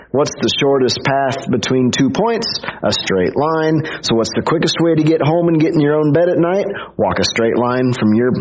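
A man preaching a casual storytelling sermon, husky-voiced and animated, breaking into little acted quotes. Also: mid-range voice. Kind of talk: conversational sermon. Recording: dull lo-fi recording.

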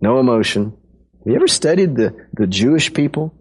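A man's voice: medium pitch, expressive, brisk, husky. Playful, chatty man preaching. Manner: conversational and playful, acts out kids' voices. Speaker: pastor. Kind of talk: sermon.

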